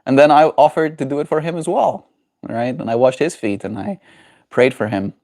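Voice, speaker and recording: A man streaming live, reading viewer messages aloud and answering them in a soft, reflective way. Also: medium pitch, animated, normal speed, gravelly. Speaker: daily livestreamer. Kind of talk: casual livestream chat.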